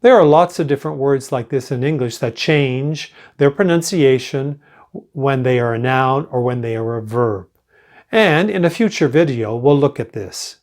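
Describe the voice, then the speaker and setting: Students are meant to repeat after an older man who reads English example sentences at a slow, clearly enunciated pace. His voice moves with lively pitch throughout the pronunciation lesson.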